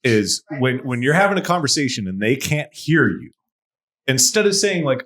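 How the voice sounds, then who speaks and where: A man's voice: medium pitch, a little fast. A man co-hosting a podcast, telling stories in casual chat, mimicking people and giggling. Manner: animated, mimics voices, swears, giggles. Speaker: podcast co-host.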